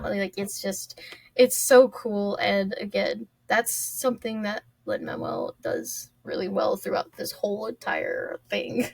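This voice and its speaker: A woman's voice: medium pitch, very animated, unhurried, vocal fry. A young adult woman hosting a solo podcast, talking casually and rambling with lots of fillers and small laughs. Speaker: podcast host.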